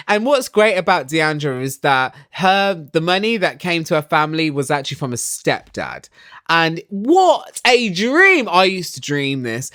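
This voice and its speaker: A speaker ranting in a casual, gossipy style while recapping a reality TV episode, with exaggerated, animated reactions. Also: medium pitch, no echo, studio quality.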